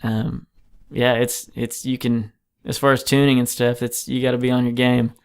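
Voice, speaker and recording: Laid-back guitarist guy talking shop, smooth voice, lots of "you know, man", basement podcast. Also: mid-range voice, level tone, normal speed. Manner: easygoing, rambling, full of "you know" and "man". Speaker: touring guitarist, podcast guest. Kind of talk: casual chat. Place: home basement.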